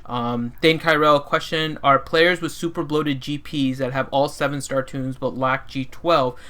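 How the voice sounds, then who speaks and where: A man's voice: mid-range voice, steady tone, unhurried, sharp tone. A man co-hosting a casual gaming chat stream, reading out viewer questions and explaining his views. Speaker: podcast co-host.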